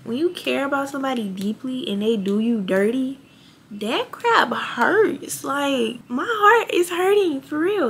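A woman's voice: medium pitch, a little hiss or hum. A young woman talking candidly to her viewers in a casual, slangy vlog chat. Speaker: vlogger.

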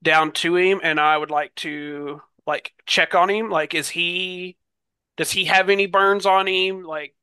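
A man's voice: high voice, steady tone, measured pace, bright, forceful tone, smooth, no room sound. A man playing in a tabletop role-playing game, thinking aloud with many ums and likes. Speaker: player. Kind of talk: casual tabletop role-play.

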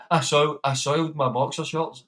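On a livestream he hosts, a man chats casually, swearing and laughing while handing out blunt advice. His voice sits on the high side with fairly even intonation, a moderate pace, and a slightly bright quality, though the recording is rough.

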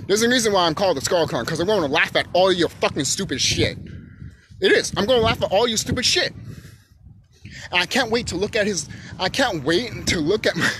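A man delivering a heated, profanity-laced rant straight to his viewers. His voice sits high and leaps wildly up and down as he pushes his points, now and then bursting into shouts. A faint hiss of noise runs underneath. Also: expressive, brisk. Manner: profane, emphatic, swings into shouting. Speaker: YouTube channel host. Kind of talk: unscripted ranting monologue.

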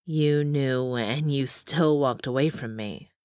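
A woman's voice: extremely low pitch, slow, darkish tone, no echo, clean studio sound, voice pushed down. A woman voicing an angry, hurt man who speaks in clipped accusations. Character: angry hurt man, a terse bear shifter.

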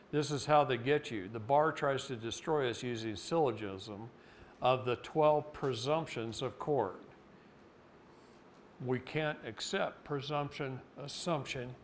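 A middle-aged man from Oregon speaks at a live seminar, mixing plain explanation with lively anecdotes. His voice sits in an ordinary middle pitch, and there is a faint hum of room noise behind him. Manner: folksy, animated, mocking voices in anecdotes. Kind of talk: live seminar talk with storytelling.

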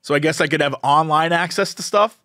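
There's a brisk pace to this young man's slightly high voice, recorded dry with clean studio sound. He's co-hosting a podcast, casually recounting a comical family story and vividly mimicking the voices of his family members.

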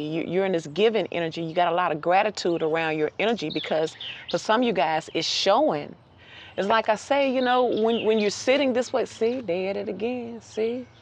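A woman giving a casual outdoor tarot reading, lively and chatty, laughing often and repeating phrases for emphasis. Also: mid-range voice, fairly quick, slight background noise. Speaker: tarot reader.

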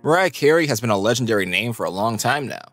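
A man reading a scripted countdown narration in an even, steady delivery. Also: medium pitch, quick pace, soft background music.

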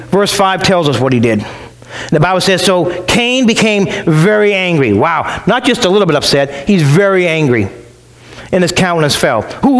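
A man's voice: sits high, rough recording. A male pastor preaching a sermon in a conversational way, acting out the voices of the people he quotes. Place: church.

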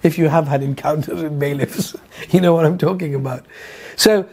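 A man's voice: fairly high pitch, moderate pace, a little mellow, breathy edge. A man teaching a Quran lesson, telling the story with rhetorical questions, asides and hesitant repeated fillers. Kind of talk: religious lecture.

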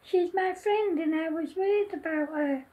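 A woman's voice: very high-pitched, normal speed, muffled recording. Grumpy, a woman doing a sulky lovesick schoolboy. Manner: pleading, complaining.

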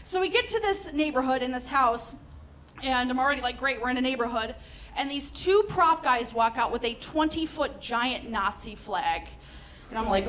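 A young woman performing a stand-up comedy set, telling stories with animated, sarcastic asides. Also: high voice, normal speed, slight background noise.

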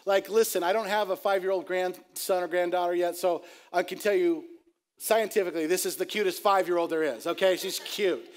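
A middle-aged man, a pastor, preaching a sermon and telling stories in an animated, jokey way, laughing at his own tales. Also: sits high, a little fast. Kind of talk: sermon with storytelling.

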